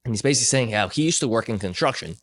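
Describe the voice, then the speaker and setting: Young man, podcast host, animated storyteller, casual chat, mid-pitched voice. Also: rapid-fire.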